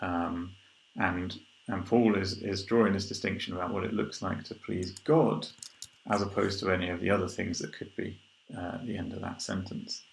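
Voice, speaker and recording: A man giving an informal sermon. He reads scripture aloud and then explains it in a relaxed way, thinking aloud with frequent ums and restarts. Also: deep voice, moderate pace, gravelly, a little hiss or hum. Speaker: preacher. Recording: roomy echo.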